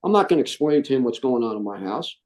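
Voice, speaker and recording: A middle-aged man, a Marine veteran, telling his story in an interview, animated and acting out the voices he quotes. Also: mid-range voice, fast talker.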